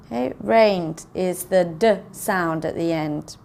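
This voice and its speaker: A woman teaching English pronunciation in a slow, careful way, saying each word twice for learners. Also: mid-range voice, expressive, creaky, a little mellow. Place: classroom with a board.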